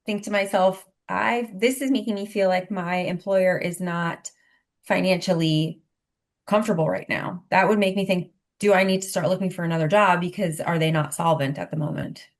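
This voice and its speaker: A woman co-hosting a podcast in casual chat, telling stories in a lively, chatty way with lots of "like". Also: fairly low pitch, normal speed. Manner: chatty, animated storytelling with lots of "like". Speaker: podcast co-host.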